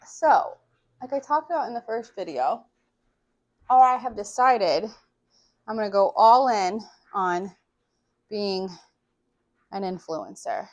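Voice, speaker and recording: A woman's voice: mid-range voice, lively intonation, slow pace, pauses often, dry recording, highs cut off. A woman in her forties, vlogging in a frank, casual way with lots of swearing and filler words. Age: 40s. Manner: frank and profane, filler-heavy, chatty. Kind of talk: candid casual vlog chat.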